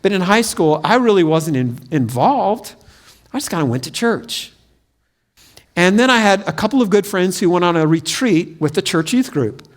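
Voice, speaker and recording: A man preaching a sermon as pastor of a church, telling stories in an animated way and acting out the quotes. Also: high-pitched, normal speed. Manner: animated storytelling with acted-out quotes. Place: church sanctuary.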